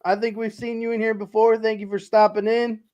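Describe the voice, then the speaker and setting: An excitable man co-hosts a sports podcast, short of breath and tripping over his own words. He restarts his sentences constantly, too worked up to settle. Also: sits high, brisk, clean tone, highs cut off. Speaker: podcast co-host. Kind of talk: excited post-game chat.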